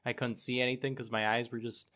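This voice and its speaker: A man's voice: mid-range voice, little pitch movement, fast talker, pushed and bright. A man co-hosting a gaming podcast, telling a story in a rambling, self-mocking way with lots of fillers. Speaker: podcast co-host. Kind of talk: casual storytelling.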